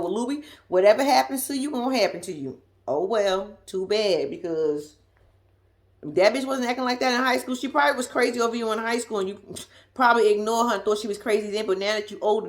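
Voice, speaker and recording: A woman with a Southern US accent giving a blunt, sassy, laughing casual commentary as a vlogger. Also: medium pitch. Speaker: reality TV recap vlogger.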